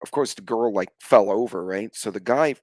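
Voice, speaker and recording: A man's voice: lowish voice, moderate pace, a little mellow, no echo. A middle-aged man, hosting a casual live stream chat and telling rambling stories with offhand swearing.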